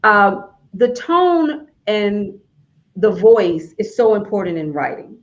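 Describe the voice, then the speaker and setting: A woman with a Southern US accent chats and interviews over a streamed video call. Her mid-range voice is emphatic and now and then leaps up high. The audio is dull and lo-fi. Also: big pitch swings, takes it slowly. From Alabama, US. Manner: chatty, emphatic, rising to high exclamations. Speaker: host, author. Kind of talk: casual interview chat.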